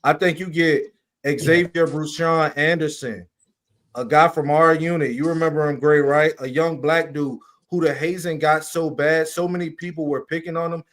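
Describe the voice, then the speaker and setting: A military veteran on a panel, measured as he tells of his old unit. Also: a little high, fairly even intonation, fairly bright tone. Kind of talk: panel debate.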